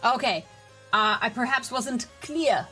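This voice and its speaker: A woman game streamer chatting casually on a live stream, reading and answering chat with excitable energy. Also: a little high, slow pace, faint music behind.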